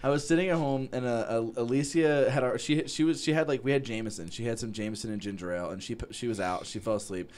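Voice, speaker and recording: Man, mid pitch, chatty, casual swearing, filler-heavy. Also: fast, hardly any pauses, a little mellow. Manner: loose, swearing, lots of likes. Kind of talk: casual chat.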